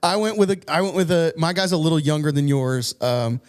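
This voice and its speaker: A man's voice: fairly high pitch, fairly even intonation, a little fast. A man co-hosting a podcast in casual chat, joking around and laughing easily while sharing his picks. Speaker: podcast co-host.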